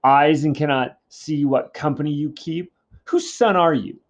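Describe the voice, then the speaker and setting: A man's voice: a little high, measured pace, close to an everyday voice. A man reading aloud as an old, blind, defiant prophet who answers a king, in a dull lo-fi recording. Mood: stern. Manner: reads the verse aloud, then slips into a casual modern paraphrase.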